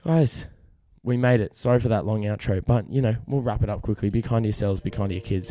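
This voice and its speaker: A man's voice: on the low side, quick pace, hardly any pauses, dark tone, dry recording, soft background music. A young Australian man hosting a casual podcast, laid-back and matey, swearing freely and losing his voice. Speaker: podcast host. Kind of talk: casual chat.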